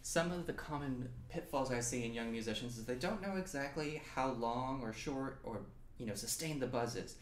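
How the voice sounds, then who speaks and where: A man's voice: mid-range voice, normal speed, slight background noise. Young man, percussion teacher, encouraging, counts beats aloud, roomy echo. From New Mexico. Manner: encouraging, counting aloud while playing along. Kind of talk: online drum lesson. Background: snare drum and practice pad playing.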